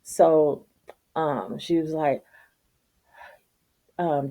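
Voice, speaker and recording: Middle-aged woman vlogger, low dark voice, profane and animated storytelling rant. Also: slow, creaky. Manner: profane, animated, laughs while telling.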